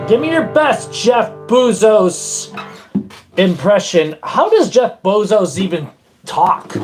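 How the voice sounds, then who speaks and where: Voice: medium pitch, lively intonation, measured pace, darkish tone, faint music behind. A live streamer chatting casually with viewers in a playful, rambling way, now and then breaking into made-up silly songs. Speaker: livestream host and musician.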